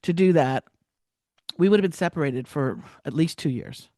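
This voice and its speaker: A woman telling a personal story as a podcast guest, animated, with many restarts and acted-out quotes. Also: low-pitched, normal speed, no echo, clean studio sound.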